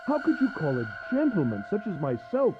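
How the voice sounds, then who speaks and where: An actor playing a pompous, cruel gentleman villain who mocks his captive and laughs at her. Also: high voice, huge pitch swings, a little fast, narrow, tinny audio. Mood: mocking. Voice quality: mocking, theatrical, with cruel laughs. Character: sneering, pompous gentleman villain, adult man. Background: game music.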